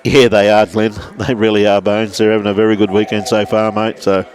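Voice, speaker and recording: Chatty Australian lawn bowls commentator. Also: male voice, on the low side, flat delivery, a little fast. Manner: chatty, matey, greets viewers by name. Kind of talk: live sports commentary with viewer shout-outs. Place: indoors behind a glass window beside the green.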